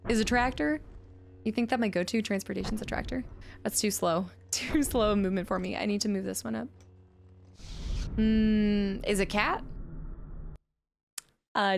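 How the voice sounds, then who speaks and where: Woman streamer gabbing with chat mid-game, excitable, jumps topic to topic. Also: on the high side, slight background noise. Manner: chatty, excitable, jumps between chat and gameplay. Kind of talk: live-stream chat while playing.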